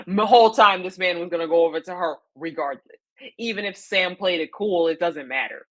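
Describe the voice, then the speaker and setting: A woman in a chatty vlog, speaking in a slightly low voice. She is opinionated and emphatic, hammering her points home with repetition, slang and plenty of fillers. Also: lively intonation, moderate pace, fairly bright tone. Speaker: vlogger recapping a reality show. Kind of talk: casual chat.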